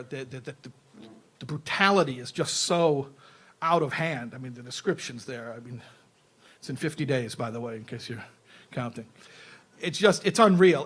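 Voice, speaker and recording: Animated man giving a Torah lecture. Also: fairly high pitch. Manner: animated, repeats words when restarting. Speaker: rabbi teaching.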